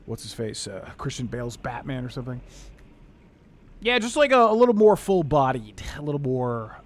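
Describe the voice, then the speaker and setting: A man streaming a game, rambling candidly in casual chat and giving quick gameplay tips. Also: mid-range voice, big pitch swings.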